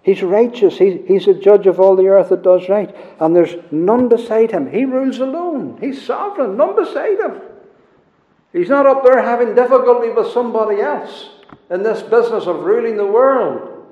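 A man's voice: sits high, expressive, moderate pace. A man preaching a sermon, driving his points home with repeated phrases. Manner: emphatic repetition, rising and falling. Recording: echoey church hall, dull lo-fi sound.

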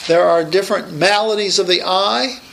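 High, bright-voiced preacher. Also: male voice, normal speed, vocal fry, reverberant, slight background noise, rough recording. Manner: emphatic, raises voice to proclaim. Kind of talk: sermon.

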